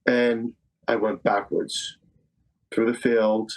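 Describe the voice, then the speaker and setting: A man's voice: mid-range voice, level tone, takes it slowly, low-quality recording. A man in his fifties from Staten Island, a psychic medium guest telling a personal story in conversation, earnest and repeating phrases for emphasis. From Staten Island, New York. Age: 50s.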